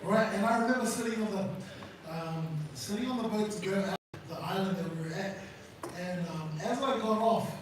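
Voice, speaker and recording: A man co-hosting a live event, pumping up the audience with chants and stories. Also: high voice. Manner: hypes the crowd with chants. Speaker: event co-host. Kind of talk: energetic stage talk. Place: large hall. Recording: echoey hall, far mic, crowd noise.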